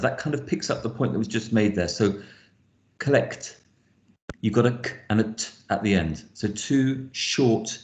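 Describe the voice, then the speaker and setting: A man's voice: fairly low pitch, a little mellow, echoey room. A man teaching an online lesson on phonics, thinking aloud with fillers and spelling out letters as he explains. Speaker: lecturer.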